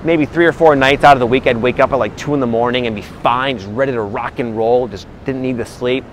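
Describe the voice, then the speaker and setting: A man giving a casual spiritual talk to his viewers, relaxed and rambling, with many fillers and restarts. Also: mid-range voice, a little fast, slight background noise, poor audio. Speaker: spiritual vlogger.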